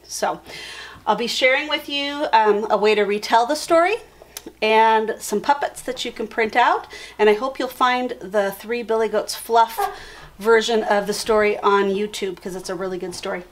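Teacher, woman, bright higher voice, lively read-aloud for young kids. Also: moderate pace. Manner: friendly, expressive read-aloud. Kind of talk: felt board storytelling for kids.

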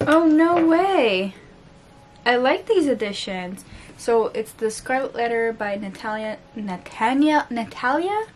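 A woman's voice: on the high side, animated, measured pace, a little hiss or hum. A tired, sleep-deprived woman with a French accent chatting casually while unboxing books at home, joking at herself and stumbling over words. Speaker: book vlogger. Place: home room with books on the floor.

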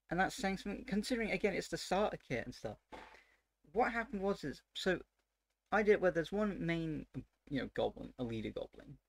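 Gravelly man rambling through a game recap. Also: a little high, normal speed, pauses often, no echo. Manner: rambling, full of fillers, grows excited and exasperated. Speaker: dungeon master. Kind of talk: casual recap of a tabletop game session.

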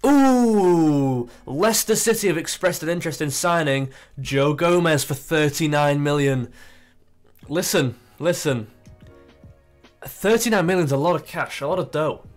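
A young man chatting casually as he plays a football management game, thinking aloud and getting excited. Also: a little high, moderate pace, faint music behind. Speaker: gaming YouTuber. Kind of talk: casual gameplay commentary.

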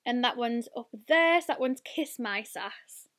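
A British woman in her twenties, a beauty vlogger chatting excitedly while unboxing and swatching, gushing with lots of "like" and "oh my god". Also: on the high side, a little slow. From United Kingdom.

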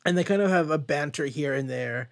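A young man casually recapping a comic book, excited and rambling, swearing freely. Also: a little high, brisk, creaky. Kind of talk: casual chat.

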